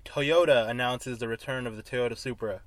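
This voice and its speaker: Easygoing man hosting a car chat. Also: mid-range voice. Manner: easygoing, quick laugher, enthusiastic about cars. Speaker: podcast host. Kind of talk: casual chat. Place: inside a car.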